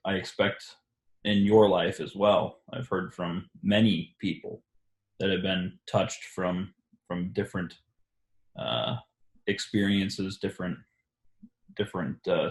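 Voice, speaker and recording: Halting, reflective man in an echoey room. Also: deep voice. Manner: halting, full of restarts and fillers. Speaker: discussion host. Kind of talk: reflective religious discussion.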